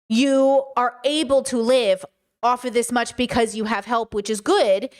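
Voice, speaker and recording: A woman hosting a stream, giving casual commentary in an emphatic, animated way and repeating her points. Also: a little high, moderate pace. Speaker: streamer and podcast host.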